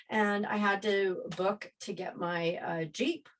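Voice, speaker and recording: A woman casually telling a personal story, rambling and animated as she re-enacts scenes. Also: mid-range voice, takes it slowly.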